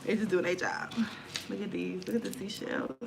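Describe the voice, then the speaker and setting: A woman's voice: mid-range voice, fairly even intonation, moderate pace, vocal fry. Woman, casual live-stream chat, slangy, swears freely, mid-range voice, noisy room. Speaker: tarot reader and spiritual content creator. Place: indoors at home near an open window. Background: outdoor noise through the window.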